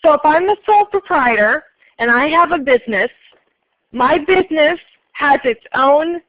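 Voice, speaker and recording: A woman teaching an accounting class, briskly polling students and explaining answers. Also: high voice, lively intonation, dry recording, highs cut off. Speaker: accounting instructor. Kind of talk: classroom lecture.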